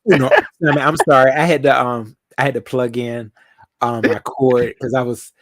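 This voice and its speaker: A man's voice: medium pitch, fairly even intonation, moderate pace. A man hosting a casual live chat with callers, laid-back and rambling, with lots of fillers. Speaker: livestream host.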